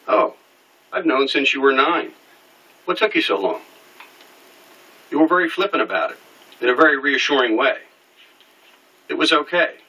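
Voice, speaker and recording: A man's voice: medium pitch, pushed and bright, husky, recorded from a distance, poor audio. A middle-aged man telling a personal story in an interview, candid and wry, acting out the people he quotes.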